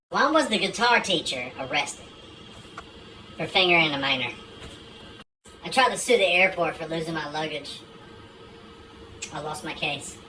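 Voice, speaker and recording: A woman's voice: on the low side, bright, forceful tone, recorded from a distance, slight background noise, rough recording. A woman telling a string of one-liners and dirty jokes in a dry, matter-of-fact way. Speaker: joke teller. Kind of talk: deadpan joke telling.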